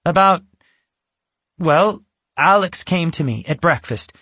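A man's voice: expressive, takes it slowly, dry recording, heavily acted. A man voicing a nervous young girl in a storybook reading, speaking in a raised, flustered voice. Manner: breathless and flustered, higher and louder.

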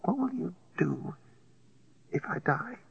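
A man voicing a gravely ill, frightened young woman who speaks in a weak, hoarse whisper and struggles for breath. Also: lowish voice, very animated, a little slow, dry recording, pitched above the performer's own voice, exaggerated voice. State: feverish and short of breath. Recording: dull, muffled recording.

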